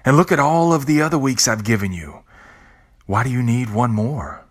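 A man's voice: medium pitch, moderate pace, slightly rough, pitched above the performer's own voice, lightly acted. A man voicing the angel of death as a patient, scolding male figure in a spoken story. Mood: reproachful.

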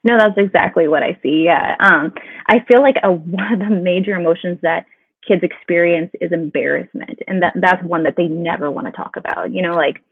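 A woman's voice: lowish voice, breathy edge, no echo. A woman speaking as a guest counselor in a casual podcast interview, conversational with many fillers. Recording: tinny phone-like line.

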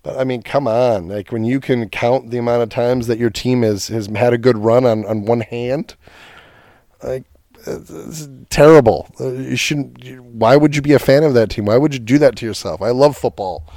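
A man's voice: mid-range voice, normal speed, mellow, no echo. A man hosting a podcast, ranting in a casual, profane and sarcastic way about his football team. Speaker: podcast host. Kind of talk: casual sports rant.

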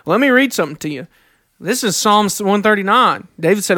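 A man co-hosting a faith podcast, telling personal stories earnestly and reading scripture slowly. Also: high-pitched, expressive, bright, forceful tone, no room sound, clean studio sound. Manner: earnest, reads scripture slowly, confessional storytelling. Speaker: podcast co-host.

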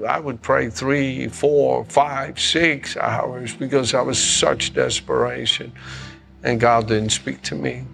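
An older man delivers a sermon as a pastor, his voice gravelly with a rough edge. He preaches with passion and drives his points home through repetition. Faint music plays underneath. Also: medium pitch, fairly bright tone. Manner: impassioned, repeats phrases for emphasis.

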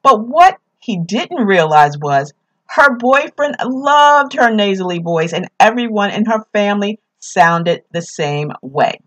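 Speaking at a measured pace in a mid-range, fairly bright voice with lively intonation, this woman hosts a podcast. She has a New York accent and offers casual advice with upbeat emphasis, circling back to her key phrases.

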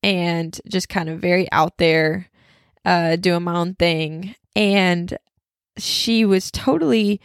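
A woman's voice: lowish voice, creaky, no echo, clean studio sound. A young woman, talking casually about faith and telling a personal story, full of fillers and chatty asides. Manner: chatty, lots of fillers, describes herself as loud. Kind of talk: casual Christian testimony talk.

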